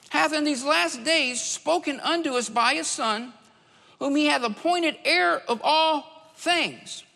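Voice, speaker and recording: High voiced preacher guy, kinda gravelly, punchy repeats, long echo from the hall. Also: bright, forceful tone. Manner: emphatic, repeats key phrases for stress. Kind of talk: sermon.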